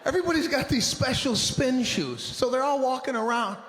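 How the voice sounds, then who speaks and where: A middle-aged man doing a stand-up comedy set, telling stories in an exasperated, animated way and shouting his punchlines. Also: extremely high pitch, fairly quick, slight background noise.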